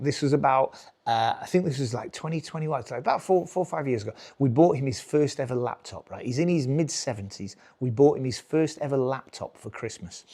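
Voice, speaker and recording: A man's voice: medium pitch, warm tone. A British man in his forties doing live stand-up, rambling, restarting his sentences and chuckling at his own jokes. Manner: rambling, self-interrupting, chuckling. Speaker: stand-up comedian.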